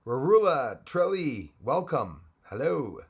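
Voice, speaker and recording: A man's voice: medium pitch, big pitch swings, slow pace, creaky, slightly rough. A man hosting a live stream, chatting casually and greeting viewers by name, rambling with frequent restarts. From Canada.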